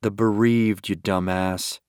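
A man's voice: mid-range voice, normal speed, a bit bright, dry recording, studio quality, voice pushed up, lightly acted. A man voicing a wry male deputy who mutters sarcastic remarks.

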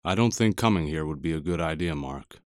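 A man voicing a quiet, firm grown man with a deep voice and a slight Virginia accent, speaking slowly and with finality in an audiobook. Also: lively intonation, dry recording, studio quality. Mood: cool, guarded. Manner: quiet, measured, slow and final.

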